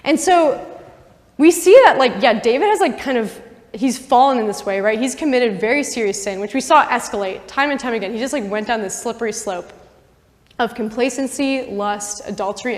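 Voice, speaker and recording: A young woman giving a casual, animated faith talk in a university chapel, chatty and full of asides. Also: fairly high pitch, moderate pace. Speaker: campus missionary speaker. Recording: long chapel reverb.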